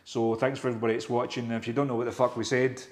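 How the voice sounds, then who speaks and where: Guy hosting a chat, swears a lot, talks quick, roomy echo. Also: medium pitch, little pitch movement, slight background noise. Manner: swears casually, rambling questions. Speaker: podcast host. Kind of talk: casual chat. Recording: echoey room.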